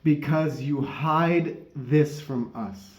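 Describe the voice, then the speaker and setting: A man's voice: on the high side, slow. A man doing a blunt, burly Scotsman. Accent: put-on Scottish. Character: big strong blunt Scottish man. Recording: dull, roomy recording.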